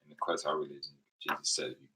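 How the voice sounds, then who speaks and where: A man's voice: very deep voice, flat delivery, fast, distant mic, noisy background. A man telling loose rambling stories in a casual vlog, acting out the other people in his stories. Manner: loose rambling storytelling with quoted dialogue. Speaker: vlogger. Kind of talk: casual storytelling monologue. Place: living in Japan.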